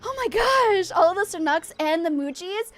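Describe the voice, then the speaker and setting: A young adult woman streaming a game live, bubbly and excitable, chatting with viewers and laughing often. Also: very high voice, normal speed, faint music behind. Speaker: variety streamer.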